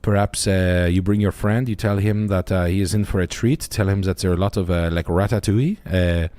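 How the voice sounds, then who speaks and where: A man voicing a pompous, crude French man with a put-on French accent, halting and full of fillers. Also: low-pitched, steady tone, dark tone, no room sound, natural voice. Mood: mock-serious.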